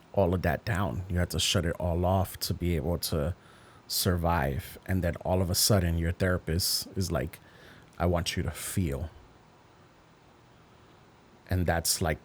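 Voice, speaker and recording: Male podcast host with a very low voice, asking gentle, empathetic follow-up questions. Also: a little hiss or hum. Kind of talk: interview conversation.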